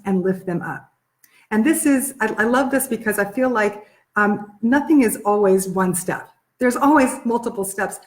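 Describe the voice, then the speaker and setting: A woman teaching Talmud stories in an everyday conversational voice, neither high nor low. She brings the old tales to life by quoting their dialogue, and she often restarts her sentences as she thinks aloud. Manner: retells stories with lively quoted dialogue. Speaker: therapist and Torah teacher.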